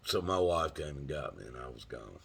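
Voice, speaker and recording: Low husky-voiced Southern man rambling. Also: animated, moderate pace, a bit bright. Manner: rambling, laughs mid-sentence, swears freely. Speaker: storyteller host. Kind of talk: casual storytelling monologue.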